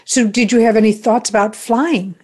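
A woman's voice: fairly high pitch, steady tone, moderate pace, a little mellow. A woman hosting an interview who asks curious follow-up questions. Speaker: host. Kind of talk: interviewing a guest.

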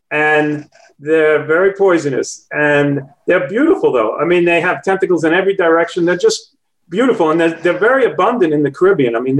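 High-pitched guy calling in to a show, rambly, keeps fixing what he just said. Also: poor audio. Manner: rambling, corrects himself mid-sentence. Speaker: caller. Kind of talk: casual phone-in chat.

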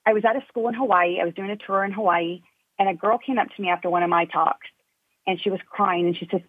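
Woman, earnest motivational storyteller, husky, dry phone-line sound. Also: medium pitch, steady tone, quick pace, no room sound. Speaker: guest, parenting and youth coach. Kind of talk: personal storytelling in conversation. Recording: tinny phone-line audio.

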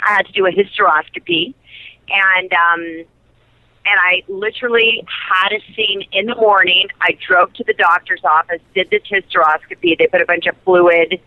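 A woman guest in a casual interview, an excitable storyteller who laughs and jumps high in pitch. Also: no room sound, highs cut off. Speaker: interview guest, soap actress.

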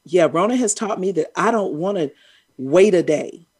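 A middle-aged woman, co-hosting a casual chat, animated and quick to laugh and tease. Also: on the low side, breathy edge. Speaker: co-host.

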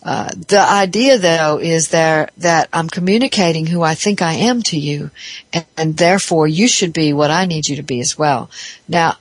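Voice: medium pitch, normal speed, dry recording. Thoughtful therapist in a dry room. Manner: thoughtful, explanatory, with frequent restarts. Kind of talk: reflective spoken talk on psychology.

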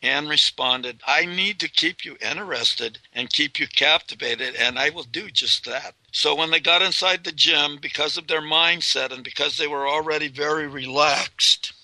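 A man hosting a radio show, reading a chapter of his own book aloud in a slow, steady way with occasional restarts. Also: fairly high pitch, no room sound, rough recording. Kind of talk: reading aloud from a romance novel, then casual sign-off.

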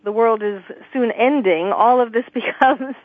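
A woman's voice: on the high side, measured pace, dry recording. A woman hosting a radio talk show, asking probing questions with occasional laughing asides. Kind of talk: radio interview. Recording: tinny phone-like radio sound.

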